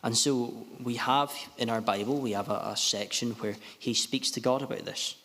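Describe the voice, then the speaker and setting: A male preacher delivers a sermon in an earnest, halting manner, often restarting his phrases. His voice sits at an ordinary middle pitch. A long reverb trails each phrase through the hall. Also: fairly even intonation, fairly bright tone. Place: gospel hall.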